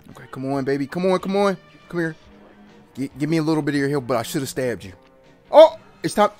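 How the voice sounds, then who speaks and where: A man giving excited, trash-talking commentary while playing a fighting game, yelping and laughing often. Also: fairly high pitch, fast, soft background music. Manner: animated, yelps and laughs, trash-talks the opponent. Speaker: gaming channel host.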